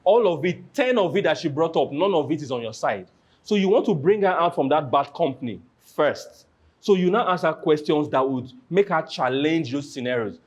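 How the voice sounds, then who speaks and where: Man, host, slightly high voice, animated, acts out quotes in a panel discussion. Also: fairly quick.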